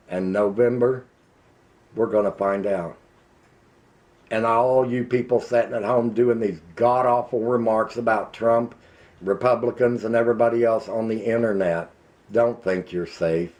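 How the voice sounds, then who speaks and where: A middle-aged man with an Ozarks accent, delivering a heated, emphatic rant to camera and slowing down to hammer his points. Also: fairly low pitch, fairly even intonation, a little mellow. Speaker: vlogger. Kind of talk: angry political rant to camera.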